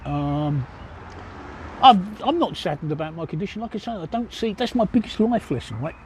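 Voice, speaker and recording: A man's voice: sits high, expressive, moderate pace, a little hiss or hum. An older English man livestreaming from his phone outdoors by a pub, answering viewers' chat in a blunt, joking, matter-of-fact way. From England. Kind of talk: casual chat Q&A. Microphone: cell phone.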